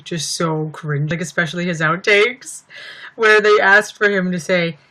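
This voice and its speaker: A woman's voice: fairly low pitch, fairly even intonation, a little slow, bright, forceful tone. A young woman chatting casually on a livestream, answering viewers in a giggly, rambling way full of fillers.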